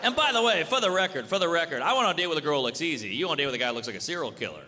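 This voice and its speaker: A man doing stand-up comedy, brash and deadpan, acting out quick back-and-forth exchanges on stage. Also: a little high, a little hiss or hum. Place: comedy club stage before a live audience. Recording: live club recording with reverb and crowd.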